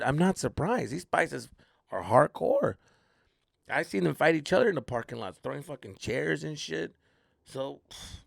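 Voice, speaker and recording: With a creaky voice and clean studio sound free of room noise, a male comedy podcast host tells a profane, casual story peppered with Spanish slang. He's animated, voicing the people he quotes in high tones.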